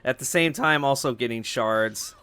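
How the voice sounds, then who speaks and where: A man's voice: medium pitch, normal speed, bright, forceful tone, clean tone. A young man hosting a let's play, chatting casually over gameplay with lots of fillers and swearing. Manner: rambling, swears freely, many fillers.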